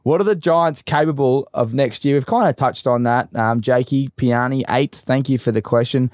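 A man in his twenties with an Australian accent, hosting a casual chat with a mate, blokey and excitable, swearing freely as he tells stories. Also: mid-range voice, normal speed, dry recording, clean studio sound. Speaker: podcast host, footballer.

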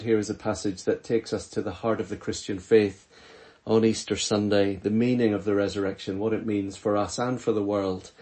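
A middle-aged pastor reading scripture and preaching an earnest, measured sermon full of rhetorical questions. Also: male voice, on the low side, a little mellow.

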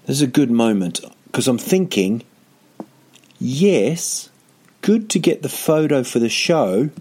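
A man's voice: medium pitch, a little mellow. A male comedian telling a long, rambling story casually, full of digressions and self-mocking asides.

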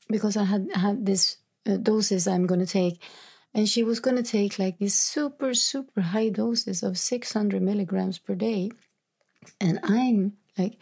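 Husky, gravelly woman confiding softly. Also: medium pitch. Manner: reflective, halting, drops into whispery asides. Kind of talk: personal confessional monologue.

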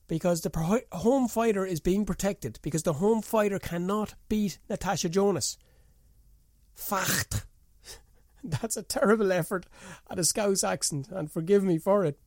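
Male pundit, higher-pitched, dry close sound, heated rhetorical rant. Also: no echo. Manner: indignant, rhetorical ranting with sharp pitch jumps. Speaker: boxing pundit. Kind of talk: opinionated monologue.

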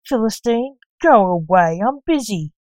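A woman's voice: on the high side, lively intonation, a little slow, a little mellow, no room sound, voice pushed up. Woman voicing a grumpy Grim Reaper king. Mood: grumbling. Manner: grumbling, snappish.

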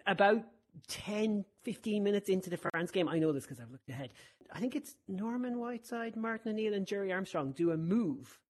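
A man's voice: high-pitched, animated, a little fast. A man hosting a podcast, talking football with enthusiastic, playful exaggeration. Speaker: host. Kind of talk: casual podcast chat.

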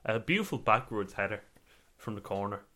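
A man co-hosting a football podcast, chatting in a relaxed way and running plainly through match reviews. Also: fairly low pitch, a little fast. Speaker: podcast co-host. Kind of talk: casual football chat.

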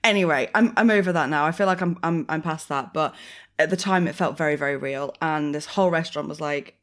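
A woman's voice: low-pitched, a little fast. A young woman, eight months pregnant, telling rambling stories in a casual podcast chat. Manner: rambling, animated storytelling with frequent fillers. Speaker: podcast co-host.

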